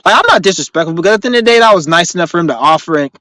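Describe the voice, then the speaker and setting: A man's voice: high-pitched, very fast, dry recording, rough recording. A man chatting casually on a live stream, answering viewers in rambling, profane street slang and telling stories with animation. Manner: animated storytelling.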